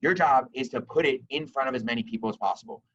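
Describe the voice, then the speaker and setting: A young man giving an energetic motivational talk to a group of sales reps, telling stories and acting out dialogue. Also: mid-range voice, fast, highs cut off. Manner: energetic storytelling with reenacted dialogue.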